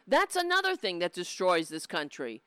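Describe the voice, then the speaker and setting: A woman hosting a live political commentary stream speaks in a smooth, lowish voice at a moderate pace, recorded dry. Her tone is animated and exasperated as she mocks and swears often.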